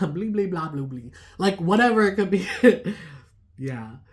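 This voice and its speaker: A woman's voice: fairly low pitch, expressive, unhurried. A woman giving a casual tarot reading to her viewers, rambling with lots of "like" fillers and laughing at herself. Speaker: tarot reader.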